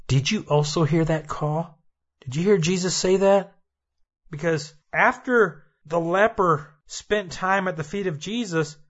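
A man's voice: high voice, a bit bright, lo-fi sound. A male preacher giving a sermon, emphatic and repetitive, addressing his listeners directly.

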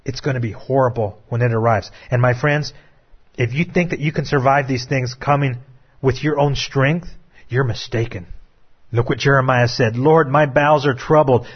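A man preaching a sermon with impassioned, drawn-out dramatic phrasing. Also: mid-range voice, breathy edge, muffled recording.

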